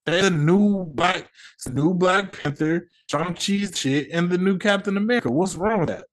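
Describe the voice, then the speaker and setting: A man rants casually on his own podcast, airing heated opinions with lots of slang and swearing. His voice is high-pitched and at normal speed.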